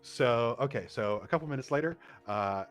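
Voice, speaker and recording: A man's voice: mid-range voice, expressive, soft background music. A man playing a social deduction game over voice chat, earnestly telling a long joke. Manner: earnest, deliberate storyteller. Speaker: game player. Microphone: push-to-talk voice chat.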